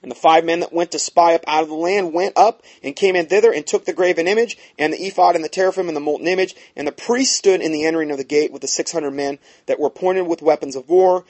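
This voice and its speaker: A man's voice: a little high, fast talker, hardly any pauses, darkish tone. A man reading scripture aloud and explaining it in a conversational way, often checking in with his listeners. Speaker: Bible teacher.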